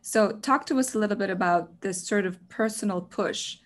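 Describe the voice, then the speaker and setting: A woman's voice: mid-range voice, moderate pace. A woman interviewer asking an author about her book, hesitant and full of fillers. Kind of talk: interview questions.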